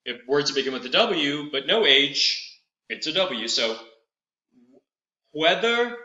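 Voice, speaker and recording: A middle-aged man leading a vocal warm-up as a voice teacher, patient and instructive, slowing down to over-articulate the drills. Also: mid-range voice, expressive, reverberant, muffled recording.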